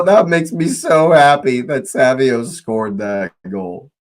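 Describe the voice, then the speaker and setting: A young man commentates a live football match for a watch-along audience. He talks at an unhurried pace, but his pitch swings widely when something happens, and he laughs often and repeats his phrases. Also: animated.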